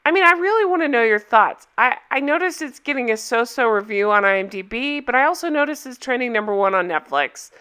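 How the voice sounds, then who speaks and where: A woman talking to camera as a TV review vlogger, chatty and expressive and often laughing. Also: fairly high pitch, brisk, few pauses, smooth. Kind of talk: casual chat to camera.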